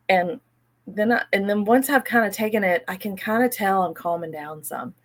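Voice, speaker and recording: A woman hosts her own channel about money mindset and talks to the viewer in a chatty, upbeat way. Her pitch sits in an ordinary middle range. Now and then she eases into a soft, slow voice to guide a breathing exercise. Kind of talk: casual personal talk to camera.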